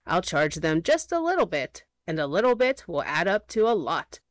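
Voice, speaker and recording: A woman voicing a sly, greedy little male hedgehog painter with a squeaky voice, in a storybook reading. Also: very animated, normal speed, dry recording. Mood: gloating. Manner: sly, scheming.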